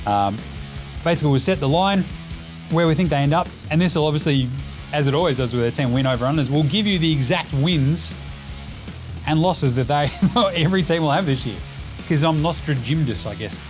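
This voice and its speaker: A man's voice: fairly high pitch, lively intonation, soft background music. A man in his thirties with an Australian accent, hosting a casual, profane, joking basketball chat. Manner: profane, joking, rapid-fire lists. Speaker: podcast host.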